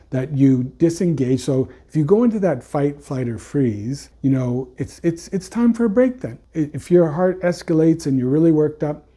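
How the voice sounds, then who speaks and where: A man's voice: a little high, dark tone. A man who works as a couples counselor, giving an unscripted explanation in a conversational way, full of "you know" fillers and restarts. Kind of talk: unscripted educational talk.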